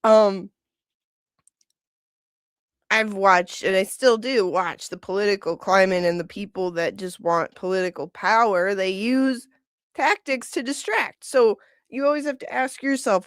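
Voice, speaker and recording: A woman's voice: mid-range voice, a little slow, no echo, studio quality. A woman in her forties hosting a casual livestream, rambling, chuckling often and reading out viewer comments. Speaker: livestream host.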